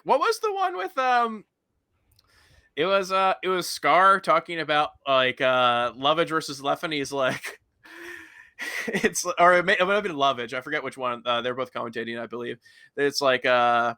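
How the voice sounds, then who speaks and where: Bright, rambling podcast host. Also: male voice, fairly high pitch, expressive, moderate pace. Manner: rambling, many fillers, steers to the next topic. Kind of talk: casual chat.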